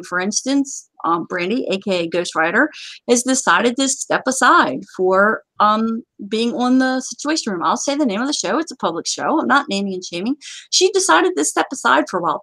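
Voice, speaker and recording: A woman's voice: a little high, a bit bright, dry recording, poor audio. A woman hosting a casual live-stream chat, talkative, laughing easily and turning stern when she warns her viewers. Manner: chatty, laughs often, stern warnings. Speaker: livestream show host.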